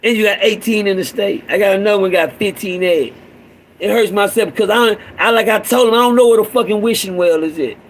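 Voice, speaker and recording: Casual preacher-style rant from a middle-aged guy with a high voice, fired up, says things over and over, drops low and gravelly when he gets serious. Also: fairly quick, a little hiss or hum, rough recording. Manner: fervent, repetitive, swings between raised urging and low growl. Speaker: father addressing other fathers. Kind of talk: impassioned street-sermon monologue.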